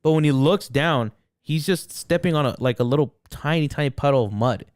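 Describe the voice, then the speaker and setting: Smooth-voiced young man rambling. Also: on the high side, a little fast, no echo, clean studio sound. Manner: rambling, profane, lots of fillers. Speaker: podcast co-host. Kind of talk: casual chat.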